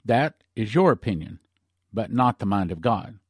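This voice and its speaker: Solemn male angel read by a man, measured prophetic warnings, dry close sound. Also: lowish voice, lively intonation, husky, dry recording. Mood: grave. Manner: grave, measured pronouncements. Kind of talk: read-aloud story.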